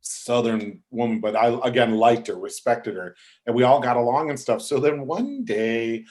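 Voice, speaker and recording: Animated man telling showbiz stories. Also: medium pitch, moderate pace. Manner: animated, acts out quoted voices. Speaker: podcast guest. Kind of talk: casual storytelling.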